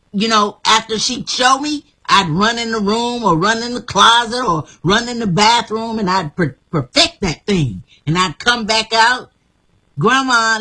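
A woman's voice: a little high, bright, forceful tone, husky. A woman guest speaking emphatically in an inspirational interview, repeating herself and laughing often.

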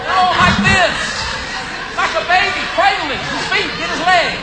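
A man preaching an animated sermon, acting out a story with volunteers and calling out to the congregation. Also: normal speed, long reverb tail, a faint crowd. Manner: animated, calls out to the audience, builds to excited high shouts.

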